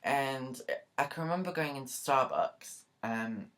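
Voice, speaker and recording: This casual to-camera vlog features a woman YouTuber whose rumbling low voice is a bit bright, with lively intonation and an unhurried pace. She rambles earnestly and emotionally, sprinkling in lots of fillers and side comments.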